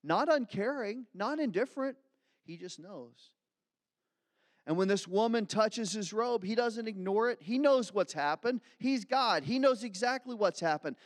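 A man's voice: high-pitched, lively intonation, a little slow. A male pastor from Philadelphia giving a conversational, self-deprecating sermon. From Philadelphia, USA. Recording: long hall reverb.

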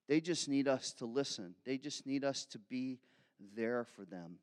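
This pastor in his fifties has a mid-range voice and delivers a sermon conversationally, growing more animated and slipping into acted asides. The audio is studio quality with no room sound, yet it carries a big-room feel.

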